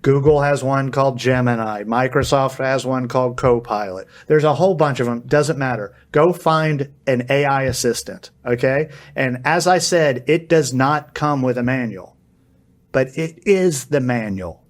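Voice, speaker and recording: A man as a podcast guest giving energetic, plain explanations and acting out bits of dialogue. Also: mid-range voice, moderate pace. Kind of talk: podcast interview.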